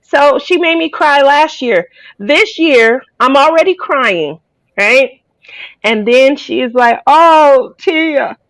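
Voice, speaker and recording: Craft channel lady chatting, tearful and emotional, kinda high voice, dry sound. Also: animated, slow pace, a bit bright, no echo, rough recording. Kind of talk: casual chat.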